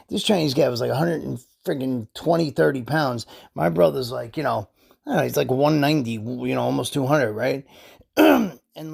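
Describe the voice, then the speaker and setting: With a medium-pitched, creaky voice that's darkish and slightly rough, a vlogger rants through a long, profane story. Indignant and heated, he rambles on, sprinkling "you know" and "right?" throughout.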